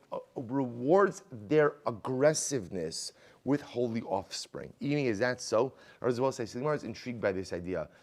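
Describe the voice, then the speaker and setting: A man teaching a Talmud class as a rabbi, conversational and animated, asking rhetorical questions and mixing in Hebrew and Aramaic terms. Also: medium pitch. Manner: conversational, many rhetorical "right?" questions and restarts; animated, swings loud and quiet for emphasis.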